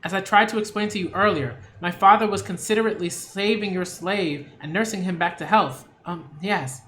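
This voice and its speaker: A man voicing a bossy, spoiled, sharp-tongued young woman in a comic book read-aloud. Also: a little hiss or hum. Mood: pleading. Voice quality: high, loud, quick.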